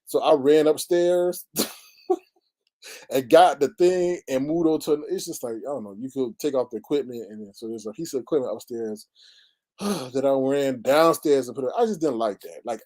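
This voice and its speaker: A man hosts a livestream from home at his computer, venting in casual chat at a normal speed. He tells stories animatedly, with big pitch swings and exclamations.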